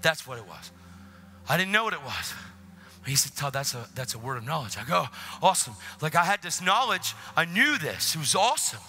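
A man preaching an energetic sermon in a church, telling a story and acting out both sides of the conversations, with sudden excited shouts. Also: on the high side, a little fast.

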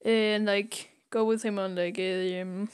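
Slow-talking woman retelling a comic. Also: mid-range voice, level tone, smooth. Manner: retells scenes, putting on voices with many fillers. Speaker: podcast co-host. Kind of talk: casual comic recap with acted-out lines.

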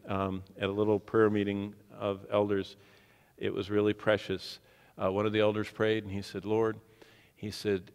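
A male pastor preaching an evening sermon. He gets animated and rises to near-shouts for emphasis, and he acts out the quotes he tells. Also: fairly low pitch, clean tone. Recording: long hall reverb.

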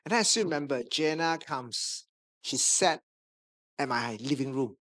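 A male pastor with a Malaysian English accent, delivering a sermon from a church stage. He tells his story in a lively, anecdotal way and slips in light humor, with a voice at an ordinary middle pitch. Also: unhurried.

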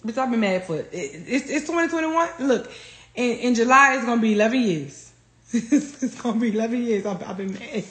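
A woman's voice: fairly high pitch, a little fast, a little hiss or hum. Profane New woman ranting on livestream. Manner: profane, animated storytelling. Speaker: livestream host. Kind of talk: casual livestream rant. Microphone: phone. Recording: roomy echo.

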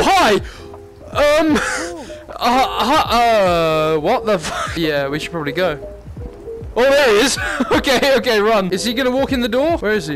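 A young man giving nervous, jumpy commentary while playing a horror game on a headset mic. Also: high-pitched. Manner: jumpy, nervous, laughs and yelps. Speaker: gaming YouTuber. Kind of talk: let's-play commentary.

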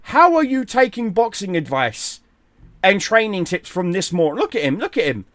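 A man with a fairly high voice rants through fight commentary, swearing freely and scorning the loser. His tone is animated and cutting. The sound is dry and close to the mic. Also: normal speed, no echo. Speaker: gaming and boxing commentator.

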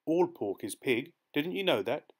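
A man's voice: on the high side, expressive, measured pace, darkish tone, breathy edge, voice pushed up. A man voicing a suspicious diner waiter who speaks bluntly and curtly. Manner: blunt and curt.

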